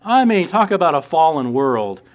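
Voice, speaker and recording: A middle-aged man teaching from the Bible, telling personal stories in a relaxed, humorous way. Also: a little high, normal speed. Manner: conversational storytelling with humor.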